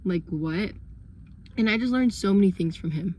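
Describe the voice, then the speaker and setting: A woman's voice: medium pitch, moderate pace, darkish tone, a little hiss or hum. A young woman talking earnestly in a casual vlog from inside her car, with lots of fillers. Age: young adult. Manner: chatty, earnest, many fillers. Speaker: vlogger.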